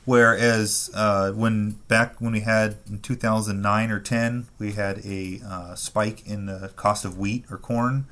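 A man's voice: fairly low pitch, little pitch movement, unhurried, few pauses, fairly bright tone. A man on a casual podcast chat who jokes and asks playfully naive questions.

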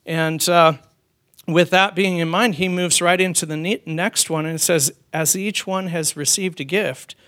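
Male pastor, high voice, casual storytelling sermon. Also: steady tone, unhurried, fairly bright tone. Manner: conversational, storytelling with frequent restarts. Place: church.

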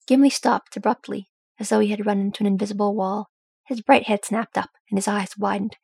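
A woman narrating a fantasy story aloud in a steady, even way. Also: mid-range voice, a little fast, vocal fry, husky, no echo. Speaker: audiobook narrator.

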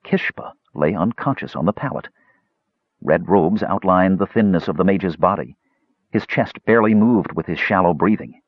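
Deep husky male narrator, expressive. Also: normal speed, no echo, highs cut off. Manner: dramatic, expressive reading. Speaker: audiobook narrator. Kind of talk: scripted fantasy narration.

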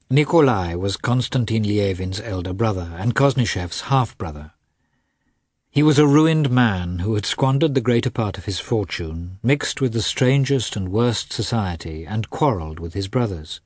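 A man narrating an audiobook with a steady, expressive reading. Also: lowish voice, moderate pace, breathy edge, no echo, studio quality.

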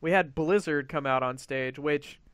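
Brief: man, gaming podcast host, excitable, swears, smooth dry close-mic voice. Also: on the high side, normal speed, no room sound. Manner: excitable, swears freely, acts out quotes. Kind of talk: casual gaming podcast chat.

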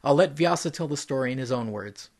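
A man reading a mythological story aloud in an even, measured storytelling voice. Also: mid-range voice.

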